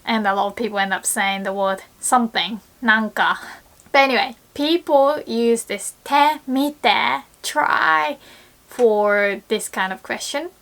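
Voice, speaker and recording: A young woman teaching a lesson, often laughing and acting out quoted lines in a lively way. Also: fairly high pitch, unhurried. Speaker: Japanese language teacher. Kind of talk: online language lesson.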